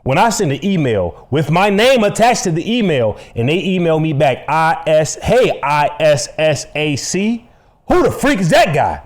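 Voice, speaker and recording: A man's voice: a little high, moderate pace, few pauses. A young man co-hosting a casual podcast, ranting emphatically and laughing often. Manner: animated, emphatic, laughs a lot. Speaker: podcast co-host.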